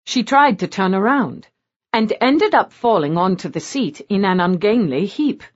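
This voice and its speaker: A woman narrating an audiobook in an expressive storytelling manner. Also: mid-range voice, moderate pace, muffled recording. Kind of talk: scripted narration.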